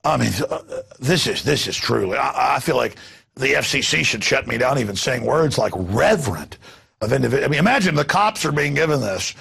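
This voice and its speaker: Gravelly sarcastic male news ranter. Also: animated, a little fast. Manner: sarcastic, mocking, heated; jumps between loud bursts and low asides. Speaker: host. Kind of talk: ranting news commentary.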